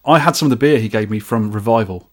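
A man's voice: fairly low pitch, fast talker. A man co-hosting a podcast, chatting playfully and reading listener feedback. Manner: jokey, playful. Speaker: podcast co-host.

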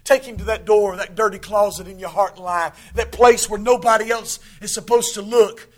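A man preaching a sermon in church, moving from shouted declarations to hushed pleading during an altar call. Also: high-pitched, moderate pace, hardly any pauses. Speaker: pastor.

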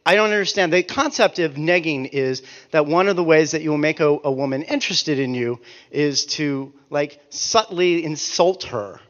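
A man in his forties telling comic stories in an animated, ranting way, swearing and breaking off his own sentences. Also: on the high side, normal speed, hardly any pauses, in a large hall, lo-fi sound. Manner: animated, ranting, profane, self-interrupting. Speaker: author and speaker. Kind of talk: comic storytelling talk.

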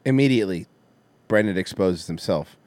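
A man's voice: sits low, lively intonation, normal speed, a little mellow. A man hosting a podcast, giving his opinions in a casual, wry way with many restarts. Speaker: podcast host. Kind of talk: casual commentary chat.

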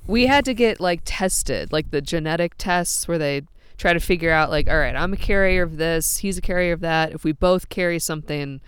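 Giggly pregnant woman, smooth voice. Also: on the low side, normal speed. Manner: giggly, laughs often between lines. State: heavily pregnant. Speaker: co-host. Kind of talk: casual podcast chat.

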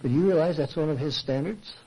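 Older guy preaching, fairly high voice, talks to the crowd with lots of questions and mock objections. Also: a little fast, a little mellow, husky, low-quality recording. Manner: conversational, rhetorical questions, mimics objections. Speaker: Christian speaker and counselor. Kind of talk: sermon talk.

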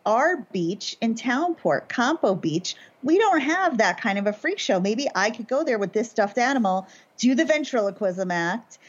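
A woman in her forties co-hosting a local talk show, playful and self-mocking with quick asides. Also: a little high, very animated. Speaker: podcast co-host. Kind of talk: casual chat. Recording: slightly dull lo-fi audio.

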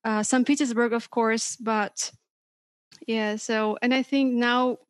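A woman hesitant guest, high dry voice. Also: steady tone, dry recording. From North Caucasus. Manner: hesitant, many pauses and fillers. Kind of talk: casual interview over video chat. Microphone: video call.

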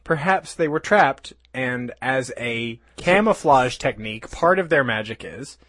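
Wry, teasing young man with a husky voice. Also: medium pitch, animated, unhurried, a bit bright, no echo. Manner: wry, teasing, laughs often. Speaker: podcast co-host. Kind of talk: casual comedy chat.

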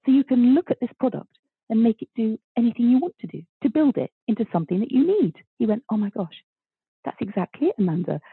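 A woman of fifty, a guest author telling her story in an interview, bubbly and animated, acting out the voices of people she quotes. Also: mid-range voice, slightly rough, no echo. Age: 50s. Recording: thin phone-like line, dry.

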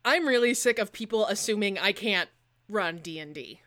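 A young woman co-hosting a podcast in animated, jokey casual chat, laughing often. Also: medium pitch, normal speed. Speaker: podcast co-host.

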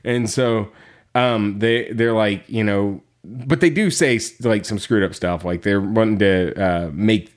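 A man's voice: fairly low pitch, unhurried. A man co-hosting a podcast, recapping a story in casual chat, rambling with many fillers, laughing and acting out quotes. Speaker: podcast co-host.

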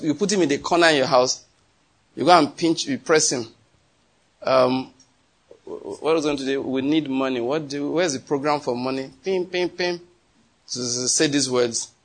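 A man's voice: a little high, husky. A man preaching a sermon, telling stories, asking the audience questions and laughing often. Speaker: pastor.

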